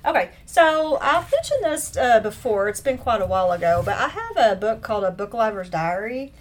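A woman's voice: a little high, sing-song, normal speed, slight background noise. A middle-aged woman hosting a podcast alone, chatting casually in a chatty, self-mocking way with playful exaggeration. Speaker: podcast host. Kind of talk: casual solo podcast chat.

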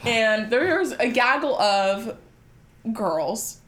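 A young adult woman co-hosting a podcast, telling a funny story in an animated, profane way with lots of asides. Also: on the high side, extremely slow, a little hiss or hum. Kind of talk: comedic storytelling.

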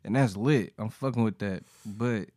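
A man's voice: fairly low pitch, normal speed, a little mellow, no echo, clean studio sound. A man co-hosting a casual sports podcast, laid-back and profane with lots of slang. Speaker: podcast co-host.

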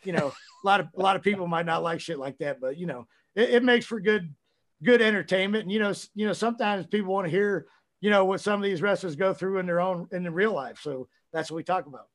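A man with a high voice rambles through a casual podcast chat. He swears freely, telling stories loosely and with energy. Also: fast talker. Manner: profane, rambling, animated storytelling. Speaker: podcast guest, wrestler.

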